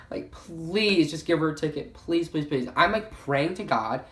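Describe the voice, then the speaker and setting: A man's voice: a little high, lively intonation, measured pace, a bit bright. A young man in his late teens telling a casual storytime vlog, rambling and saying "like" constantly. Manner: rambling, heavy use of "like". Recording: echoey room.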